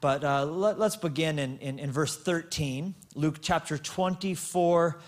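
Stammering, restarting and repeating words, a fairly high-pitched male pastor tells a story during his sermon. At points he slows and draws out words to emphasize them.

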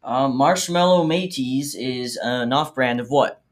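A relaxed person casually reading out quiz questions in a guessing game. The voice sits at an ordinary pitch and often pauses on fillers. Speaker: quiz asker.

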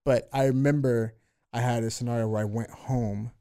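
A man's voice: medium pitch, steady tone, moderate pace, mellow. A young man co-hosting a podcast, chatting casually with frequent restarts and questions. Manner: hesitant, restarts often, asks for clarification; laughs while telling stories. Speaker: podcast co-host. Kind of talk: casual discussion.

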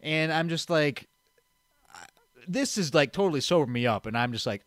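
A man's voice: mid-range voice, moderate pace, long pauses, a bit bright, no room sound. A young man casually telling a long story, rambling with fillers and restarts and acting out what people said. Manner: rambling, many fillers and restarts, acts out quotes. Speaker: storyteller guest.

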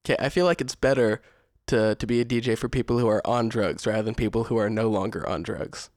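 A young man co-hosting a podcast in casual chat, relaxed and rambling, with many fillers and restarts. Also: on the low side, fast talker, dry recording, clean studio sound. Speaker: podcast co-host.

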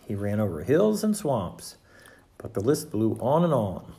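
Slow, expressive storybook reader. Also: medium pitch, creaky. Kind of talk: children's storybook read-aloud.

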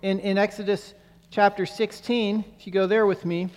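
A man with a somewhat high voice teaches scripture in an earnest, conversational sermon style. He often repeats words as he works toward a point. His voice rings with long reverb, as if in a large hall. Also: level tone, normal speed, darkish tone. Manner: earnest, repeats words while searching for phrasing. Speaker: Bible teacher.

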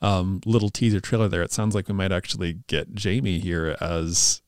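A man's voice: deep voice, moderate pace, clean tone. A man co-hosting a podcast in casual chat, rambling and hesitant, with many restarts. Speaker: podcast co-host.

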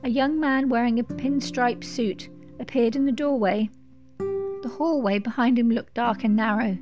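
A woman narrating a storybook in a measured, descriptive way. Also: fairly high pitch, fairly even intonation, muffled recording, music in the background.

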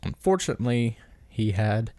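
A man's voice: lowish voice, lively intonation, moderate pace, a little mellow, no room sound, clean studio sound. A man hosting a casual solo commentary episode, rambling and correcting himself as he stumbles over names. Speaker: podcast host.

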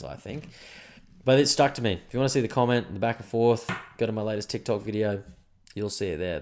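A man hosting a casual solo podcast, rambling and crude, with lots of swearing and self-deprecating asides. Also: lowish voice. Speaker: podcast host.

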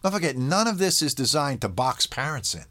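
Very animated and brisk, this man's voice is fairly high and a bit bright. He speaks as a parenting expert explaining things in an interview, keeps it conversational with "all right?" check-ins, and briefly performs lines from kids and parents.

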